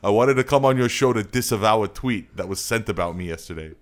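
A pompous, self-pitying older senator, as a man puts him on for laughs. He talks in an earnest, mock-serious way, and his voice sits very low. The delivery is steady and overly grave. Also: quick pace, natural voice. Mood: indignant. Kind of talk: comedic impression.

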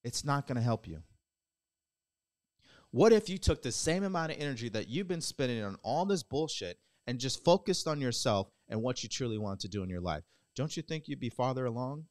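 A man's voice: medium pitch, big pitch swings, fairly quick, a little mellow. A man hosting his own podcast, giving a blunt, preachy motivational talk, swearing casually and challenging listeners with repeated rhetorical questions. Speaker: podcast host. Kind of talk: motivational monologue.

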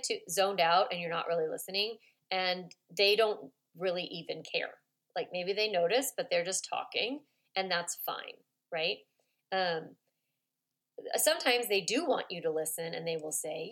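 A woman hosting a parenting podcast as a coach, talking informally with lots of "like" and "right?", softening her voice to model calm replies to children. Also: moderate pace. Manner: chatty and informal, full of "like" and "right?"; acts out children's complaints in a high voice. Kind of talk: conversational podcast monologue.

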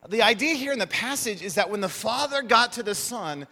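A man preaching a sermon, telling stories with animated emphasis as the pastor. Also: high-pitched, fairly quick. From United States. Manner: animated storyteller, lively emphasis.

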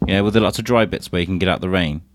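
A man's voice: deep voice, rapid-fire, no room sound. A man hosting a casual chat with his young son, teasing and encouraging him and chuckling often. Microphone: handheld microphone passed to child.

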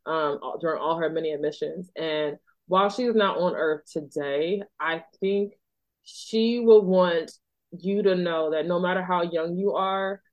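A woman from Philadelphia, a doctor hosting a podcast, talking in an earnest, chatty way full of "like" and "you know.". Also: on the low side. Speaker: podcast host and OB-GYN doctor. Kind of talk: casual podcast chat.

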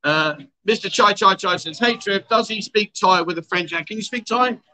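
A man's voice: high-pitched, moderate pace, pushed and bright, slight background noise, rough recording. A man hosting a casual livestream chat show from a bar at night, joking with his guest and reading out viewer comments. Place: bar in a noisy city street at night.

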